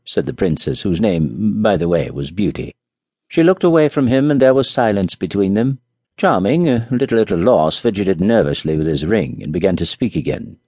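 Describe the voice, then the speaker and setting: A man narrating a fairy-tale audiobook in an expressive storytelling way. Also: deep voice, a little fast, dry recording.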